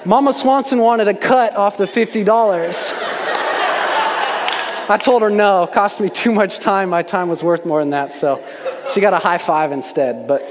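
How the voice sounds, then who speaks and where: Man preaching, high voice, animated storyteller, long echo of a big church hall. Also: normal speed, crowd noise, background noise. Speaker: pastor. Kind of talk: sermon.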